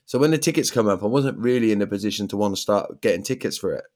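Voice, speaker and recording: A man's voice: on the low side, lively intonation, very fast, a little mellow. A man chatting casually as a podcast co-host, swearing now and then and using British slang. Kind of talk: casual chat.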